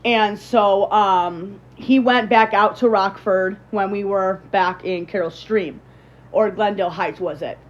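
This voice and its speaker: A woman's voice: medium pitch, fairly even intonation, a little slow, muffled recording. A young woman from Illinois chatting casually on a livestream and telling a rambling story to her viewers, full of fillers and restarts.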